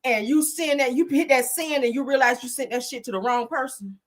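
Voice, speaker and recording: A woman hosting a casual gossip commentary, telling stories in an animated, slangy, laughing way. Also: high voice, a little fast. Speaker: commentary channel host.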